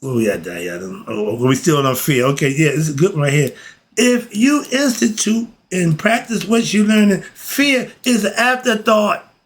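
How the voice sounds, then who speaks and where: A man's voice: on the high side, expressive, moderate pace. A man teaching philosophy in a casual, emphatic way, often throwing rhetorical questions at his listeners. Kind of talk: casual spoken lesson.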